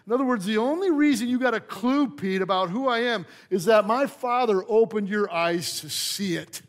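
A male pastor preaching a sermon in a church, telling the story in a lively way and putting questions to the congregation. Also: high-pitched, normal speed. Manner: animated storyteller, acts out quotes, asks the congregation questions.

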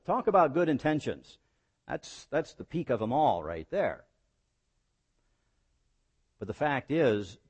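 A male pastor delivering a sermon with a very lively, swinging pitch. He climbs high on quoted lines and sinks low and quiet for weight, at a middle pitch for a man. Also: breathy edge. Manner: expressive preaching, rising on quoted lines and dropping low for emphasis.

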